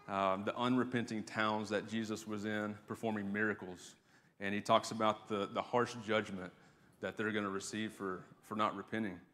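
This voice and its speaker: A man gives a sermon in a relaxed, talky way, often doubling back on his words as he speaks to the congregation and the children. His voice sits a little low. His voice rings with the long reverb of a church sanctuary. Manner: conversational preaching with fillers and repeated words. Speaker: pastor.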